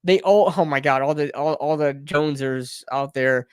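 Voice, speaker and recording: Heated fan ranting, dry close sound. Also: male voice, fairly high pitch, moderate pace, smooth, dry recording. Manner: heated, repetitive, calls listeners bro and brother. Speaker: sports talk streamer. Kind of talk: live fan rant.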